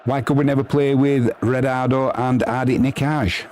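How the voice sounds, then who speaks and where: A man doing chatty live football commentary, reading out viewer messages and yelping with excitement at goals. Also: normal speed, slight background noise. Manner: chatty and excitable, bursting into high yelps at goals.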